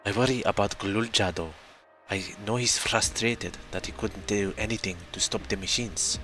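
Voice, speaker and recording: A man's voice: lowish voice, moderate pace, pushed and bright, soft background music. A man streaming a game, chatting casually and self-deprecatingly while reading dialogue aloud.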